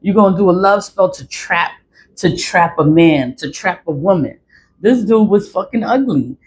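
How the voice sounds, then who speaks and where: A woman's voice: on the low side, expressive, normal speed, a little hiss or hum. A woman telling a personal story in a casual vlog, blunt and profane, repeating herself for emphasis. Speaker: vlogger.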